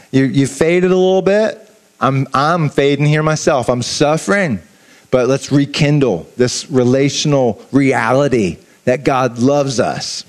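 A man giving an informal sermon, talking in an animated, conversational way with asides to the listeners and frequent restarts. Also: mid-range voice. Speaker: preacher. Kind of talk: informal sermon to a youth audience.

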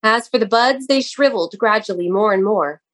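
Woman narrating a storybook. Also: medium pitch. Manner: measured, expressive reading with small slips. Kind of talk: audiobook narration.

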